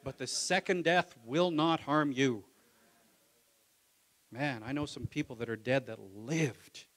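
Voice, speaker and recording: Speaking at a slow pace in a mid-range voice, this male pastor preaches casually and conversationally. He performs biblical characters' voices and alternates between soft asides and booming calls.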